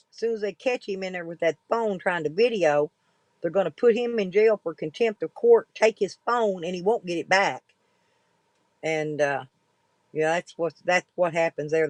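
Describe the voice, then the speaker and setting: A woman's voice: fairly low pitch, darkish tone, no room sound, poor audio. A woman, talking casually and bluntly to viewers in a folksy, rambling way, with some cursing. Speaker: livestreaming vlogger.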